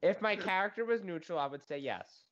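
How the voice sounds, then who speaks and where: A man playing a tabletop game, chatty and excitable in casual talk. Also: high voice, a little fast. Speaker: player. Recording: dull lo-fi mic.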